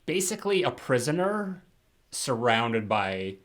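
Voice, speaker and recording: A man's voice: medium pitch, sing-song, unhurried, a bit bright. A man co-hosting a podcast, chatting casually about a film and rambling through many restarts. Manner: rambling, full of fillers and restarts. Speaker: podcast co-host.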